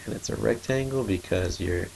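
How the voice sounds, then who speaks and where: Gravelly-voiced man teaching math. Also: fairly low pitch, normal speed, very noisy. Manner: steady explaining, thinking aloud while drawing. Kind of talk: screencast math lesson.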